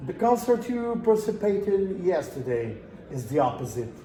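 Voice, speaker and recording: Portuguese-accented male interviewer, mellow. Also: high voice, very animated. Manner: slow, searching for words, many "uh"s. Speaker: journalist interviewer. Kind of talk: interview questions. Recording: echoey room.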